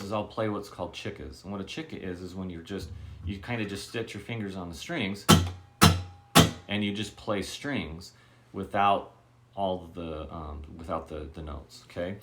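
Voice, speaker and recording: A man's voice: fairly low pitch, normal speed. A man teaching a guitar lesson who says okay constantly, keeps checking that the student understands, and scats rhythms aloud. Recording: loud guitar playing between talk. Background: guitar strumming.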